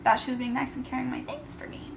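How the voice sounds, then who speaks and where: A woman's voice: sits high, level tone, quick pace, gravelly, slight background noise. A young woman vlogger telling a personal story casually, using slang and talking straight to her viewers.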